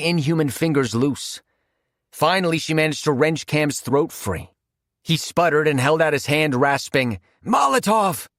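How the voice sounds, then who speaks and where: A man narrating a horror audiobook in a measured, vivid storytelling manner. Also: mid-range voice, no room sound, clean studio sound.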